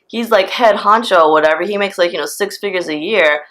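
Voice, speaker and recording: A woman's voice: medium pitch, brisk, fairly bright tone, close to an everyday voice. A woman quoting a boastful old man. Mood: boasting. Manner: smooth-talking, name-dropping. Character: boastful older man hitting on a stranger.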